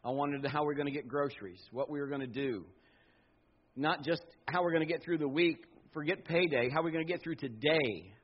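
A middle-aged man pastor preaching a sermon, telling personal stories with animated asides and quoted voices. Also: fairly high pitch, a little fast. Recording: dull lo-fi sound.

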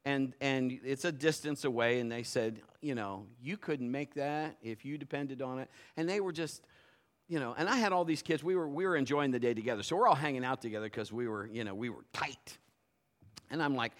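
Speaking fairly quickly in a mid-range voice, a middle-aged man delivers a sermon as pastor. Folksy personal anecdotes fill his preaching, which shifts from hushed asides to loud, emphatic moments.

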